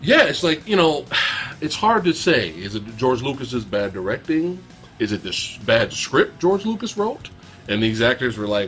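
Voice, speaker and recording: A man co-hosts a casual movie review, laughing and venting mock outrage. His pitch swings widely and his tone is bright, over faint background music. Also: very animated, normal speed. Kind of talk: casual film review chat.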